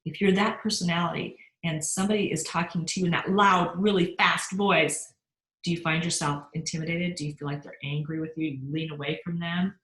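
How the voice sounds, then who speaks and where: A woman's voice: lowish voice, fairly even intonation, brisk, a bit bright. A middle-aged woman giving an upbeat motivational sales training talk and often asking her listeners questions. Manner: upbeat, asks the audience questions. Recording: roomy echo.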